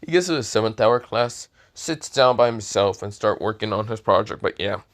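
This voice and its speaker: A man's voice: fairly low pitch, animated, normal speed. A man improvising a story, rambling with crude words and repeated fillers, sleepy and yawning.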